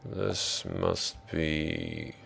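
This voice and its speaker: A man with an Australian accent voicing a calm, clinical male drow who gives a quiet, measured warning. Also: low voice, gravelly, a little hiss or hum, exaggerated voice. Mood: grave.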